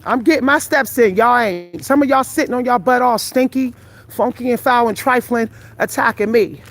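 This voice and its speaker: A woman's voice: fairly high pitch, normal speed. Blunt, breathless woman vlogging on a night walk. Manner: blunt, profane, confrontational toward viewers. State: tired and out of breath. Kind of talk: live vlog while walking. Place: outdoors on a night street walk.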